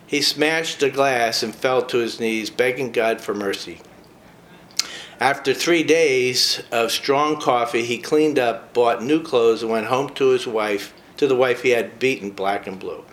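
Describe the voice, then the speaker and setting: A man's voice: mid-range voice, measured pace, fairly bright tone. Chatty man reading aloud with asides. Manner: chatty, with frequent personal asides between read passages. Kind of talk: casual talk, reading a short biography aloud.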